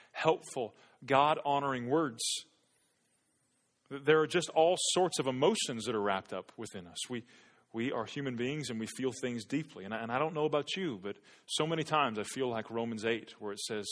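A male pastor preaching an earnest sermon to his church, often repeating words as he builds emphasis. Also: medium pitch. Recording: long hall reverb.

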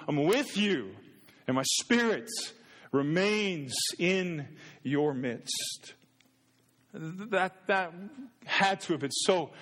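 A pastor preaches a sermon in an earnest, conversational way, frequently restarting his words. His voice sits on the high side with a fairly bright tone, and a hall gives it long reverb.

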